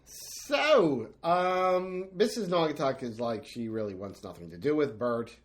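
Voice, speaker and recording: A man's voice: mid-range voice, lively intonation, a little slow. A man co-hosting a podcast in casual recap chat, finishing his co-host's sentences. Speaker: podcast co-host.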